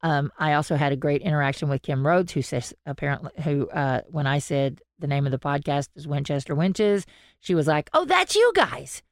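A woman, co-hosting a podcast and telling a story in an animated way, quoting people as she goes. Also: low-pitched, fairly quick, no room sound, studio quality. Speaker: podcast co-host. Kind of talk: casual chat.

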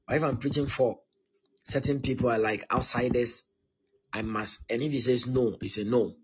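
Male pastor, 30s, very husky tone, insistent repetitive teaching style, muffled lo-fi stream. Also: medium pitch, steady tone, moderate pace. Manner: emphatic and repetitive, often checking in with "okay?". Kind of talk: live-streamed teaching sermon.

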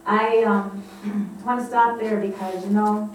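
A woman's voice: mid-range voice, steady tone, a little slow, slight background noise. A woman leading a congregation in a fervent declaration and prayer, rousing them to repeat after her. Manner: fervent, rousing, call-and-response. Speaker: prayer leader. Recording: echoey room from far off.

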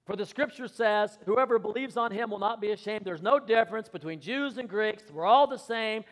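A male pastor with a notably high voice preaches in a church hall, and his words ring out with a long reverb. He calls out questions for the congregation to answer and swings from soft, murmured asides to loud declarations. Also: normal speed. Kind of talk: sermon. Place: church sanctuary.

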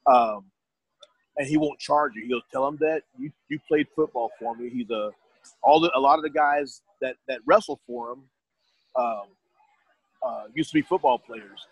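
Middle-aged male guest, husky and dry, rambles through a casual anecdote. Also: medium pitch, moderate pace, dry recording, poor audio. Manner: rambling, restarts, quotes others. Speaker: guest telling his story. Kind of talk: casual storytelling.

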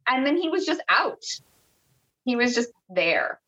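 A woman's voice: on the high side, sing-song, normal speed, bright, forceful tone, dull audio. A woman from Canada, a podcast guest telling a personal story in a casual, chatty way, with many restarts and quoted dialogue.

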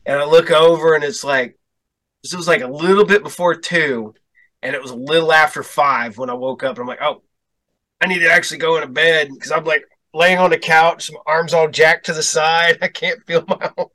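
Bright-voiced laid-back man telling stories. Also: fairly high pitch, steady tone, normal speed, poor audio. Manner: laid-back, chuckling storyteller, swears freely. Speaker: podcast host. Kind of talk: casual chat.

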